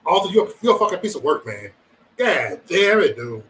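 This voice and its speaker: A man's voice: high-pitched, very animated, normal speed, fairly bright tone, distant mic, poor audio. A man hosting a livestream, chatting casually with viewers in profane, rambling banter and joking threats. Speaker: livestream host.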